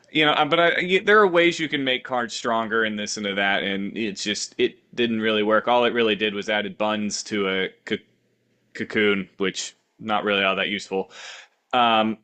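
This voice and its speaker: A podcast co-host with a medium-pitched, sharp-toned voice tells silly improvised stories. His casual improv chat is playful and rambling.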